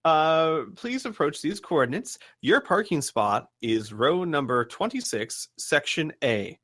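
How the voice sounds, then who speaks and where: A cheery space station announcer comes over the radio, greeting visitors with exaggerated politeness. The voice sits high and sunny, a man lifting his own voice for the bit. It is a quick character moment inside a tabletop role-play session. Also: sing-song, fairly bright tone, heavily acted. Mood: chirpy. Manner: overly polite, welcoming.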